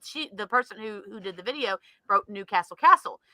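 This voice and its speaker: Woman, podcast co-host, giggly, rambling, very bright tone, dry close sound. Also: mid-range voice, lively intonation, brisk, dry recording. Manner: giggly, laughs often; rambling with many fillers. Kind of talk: casual chat.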